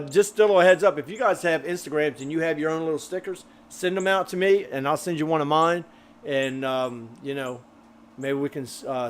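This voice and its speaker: A man hosts a casual grilling live stream, talking in a loose, rambling way full of fillers. His voice sits a little high for a man, and he sounds slightly out of breath. A faint hum of ambient noise stays in the background. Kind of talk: casual live-stream chat reading viewer comments.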